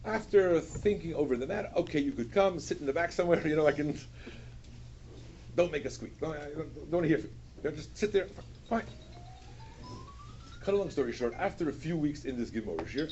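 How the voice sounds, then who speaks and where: A man, a little higher-pitched than most, lectures as a rabbi and leans into his anecdotes with an animated, conversational manner. The recording is dull and lo-fi, with a faint hiss under his voice. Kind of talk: storytelling lecture.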